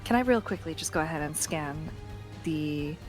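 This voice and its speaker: Lowish-voiced woman playing a tabletop game. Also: expressive, normal speed, soft background music. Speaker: player. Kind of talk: tabletop role-play.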